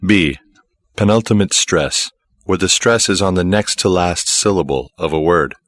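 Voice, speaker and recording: Measured male course narrator, low voice, dry close sound. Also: fairly bright tone, no room sound. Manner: measured, explanatory. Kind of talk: scripted instructional narration.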